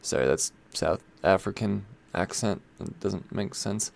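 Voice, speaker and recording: A man's voice: deep voice, a little slow, vocal fry, hardly any pauses, no room sound. A man talking casually about comic books, rambling and chatty, with lots of fillers and some swearing. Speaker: comic book reviewer. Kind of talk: casual chat.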